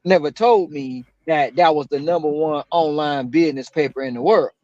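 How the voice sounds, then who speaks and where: Animated slangy man telling a story. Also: moderate pace, no echo. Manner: animated, slangy, acts out quotes with big pitch jumps. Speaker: delivery driver. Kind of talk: casual storytelling. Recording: dull dry lo-fi sound.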